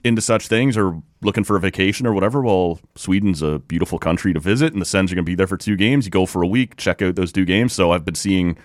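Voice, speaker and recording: Canadian man in his thirties, podcast host, slightly low voice, dry close sound, chatty storyteller. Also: fast, few pauses, no room sound. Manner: chatty storyteller, animated when quoting others. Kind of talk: casual podcast chat.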